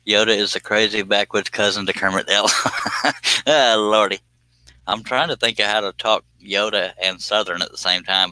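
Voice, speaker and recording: A man's voice: low voice, bright, forceful tone, dry recording, rough recording. A man hosting a casual live stream, talking in a folksy, self-amused way and chuckling often.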